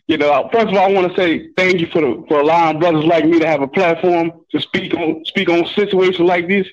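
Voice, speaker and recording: A male caller on a radio show, laid-back and reassuring, repeating himself to calm listeners. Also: high-pitched, fairly quick, dull audio. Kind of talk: call-in radio chat.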